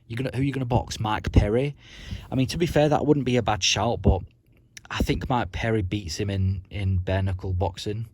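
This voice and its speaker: Blunt man ranting fast. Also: fairly low pitch, steady tone, a little mellow, no room sound. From Britain. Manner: blunt, profane, rambling rant. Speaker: vlogger. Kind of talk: sports rant vlog.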